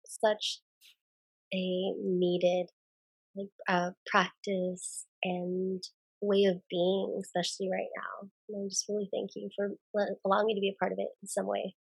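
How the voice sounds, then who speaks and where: A woman who is a guest on a podcast, soft-spoken and giggly, pausing often with ums as she talks. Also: medium pitch, gravelly, slightly rough, no echo, poor audio. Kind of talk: casual podcast interview.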